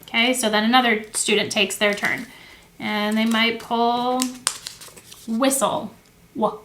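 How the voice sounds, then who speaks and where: Against a noisy background, a young woman teacher who hosts education videos speaks at a measured pace in a slightly high voice with little pitch movement. She explains classroom activities in a friendly, chatty way, full of "um" and "like" and frequent self-corrections, seated indoors at a table of materials near the camera.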